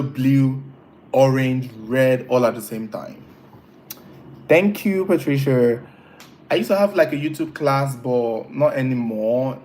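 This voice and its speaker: A man's voice: mid-range voice, a little mellow, a little hiss or hum, rough recording. A man hosting a casual live stream, chatting with viewers, teasing them and laughing often. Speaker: livestream host reading chat.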